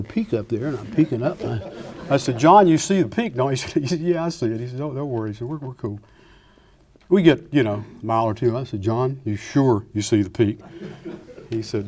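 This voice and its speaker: An older man, a retired Air Force pilot, giving a lecture full of anecdotes and acting out the dialogue with lively restarts. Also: mid-range voice. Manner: animated storyteller acting out dialogue, frequent restarts.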